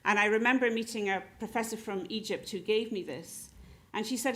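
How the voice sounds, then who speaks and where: An older woman recounts stories from her career to a panel audience. She builds to wry punchlines, and her voice sits at a middling pitch. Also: brisk, few pauses. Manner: storytelling with wry humour. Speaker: panelist, former society president. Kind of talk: anecdotal panel talk.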